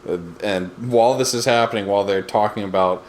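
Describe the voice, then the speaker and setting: A man's voice: on the low side, quick pace, a little hiss or hum. A man co-hosting a podcast, retelling a TV episode with dry, teasing humor. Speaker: podcast co-host. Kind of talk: casual TV recap chat.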